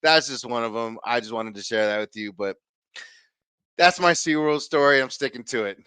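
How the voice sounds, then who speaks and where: A man hosting a podcast, telling a story in a casual, animated, profane way and acting out the dialogue. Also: mid-range voice, moderate pace, smooth, no echo. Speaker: podcast host.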